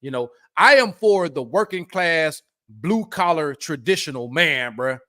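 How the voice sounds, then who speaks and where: Southern man co-host, forties, Alabama drawl, blunt and profane, voice sits a touch high. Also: animated, a little slow, bright, forceful tone. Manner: emphatic, profane, repeats words when starting. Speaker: podcast co-host. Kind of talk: casual chat.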